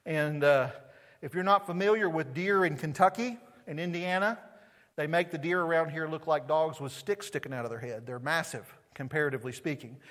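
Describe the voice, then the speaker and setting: Middle-aged male pastor, fairly high voice, chatty sermon delivery with questions to the room, long church reverb. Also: a bit bright. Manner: conversational preaching with rhetorical questions to the congregation. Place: church sanctuary.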